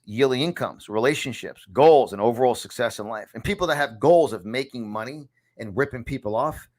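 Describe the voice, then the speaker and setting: A man in his fifties with a New York accent, giving a motivational talk from a home studio and repeating key phrases for emphasis. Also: mid-range voice. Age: 50s. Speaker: motivational speaker.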